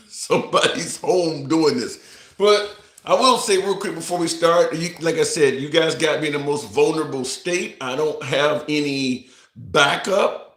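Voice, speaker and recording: A man's voice: medium pitch, a bit bright, reverberant. A man hosting a casual live stream from a rented home, rambling, restarting sentences and putting questions to his audience.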